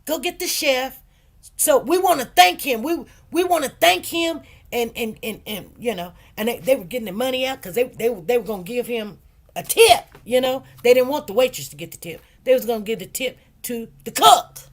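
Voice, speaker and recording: A middle-aged woman tells a story in a loose, chatty way. She acts out the people in it, and her voice swings high and low as she goes. Her delivery is casual and unscripted. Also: animated, fairly quick. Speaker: channel host.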